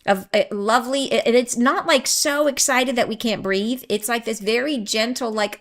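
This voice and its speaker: A woman's voice: on the high side, normal speed, few pauses. Chatty rambling woman host. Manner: chatty, rambling, goes off on tangents; laughs often, excitable. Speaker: podcast host and channeler. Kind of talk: casual spiritual talk to listeners.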